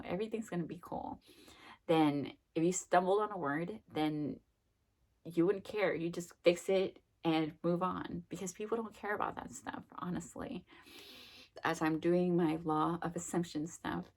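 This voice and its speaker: A young adult woman giving a casual, rambling self-help talk, full of fillers and acted-out quotes. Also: low-pitched. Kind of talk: casual monologue.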